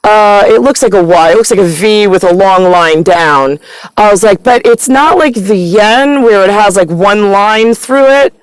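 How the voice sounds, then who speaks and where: A woman's voice: mid-range voice, measured pace, clear, resonant tone, no echo, rough recording. A woman vlogging straight to camera in a meandering, profane, stream-of-consciousness monologue. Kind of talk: rambling direct-to-camera monologue.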